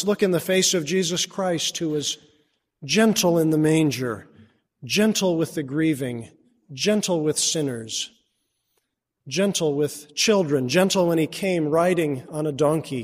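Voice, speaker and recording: A pastor preaching a sermon, moving between strong declarations and quiet, hushed passages. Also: male voice, on the high side, long reverb tail. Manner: dramatic shifts between strong and hushed delivery.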